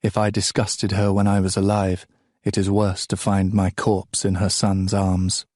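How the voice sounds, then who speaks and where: A man narrating an audiobook of a novel in a slow, measured, grave reading. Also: low-pitched, completely flat delivery, a little mellow, no echo, clean studio sound.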